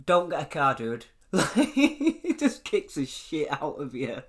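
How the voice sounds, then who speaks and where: A man's voice: on the high side, wildly swooping pitch, unhurried, fairly bright tone. A young British man co-hosting a podcast, chatting casually, swearing a lot and laughing often. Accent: British English. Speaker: podcast co-host. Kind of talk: casual chat.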